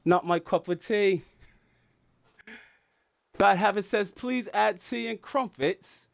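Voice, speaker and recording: A man's voice: sits high, slow pace, creaky, no room sound, highs cut off. A man hosting a live stream Q&A, reading chat messages aloud and playing up a mock English accent. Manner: reads chat aloud, laughs often. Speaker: livestream host.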